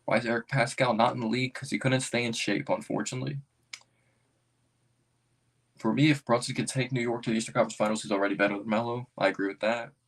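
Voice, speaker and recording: A man hosting a casual livestream as a basketball fan, rambling and thinking out loud with excitable bursts. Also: medium pitch, fast.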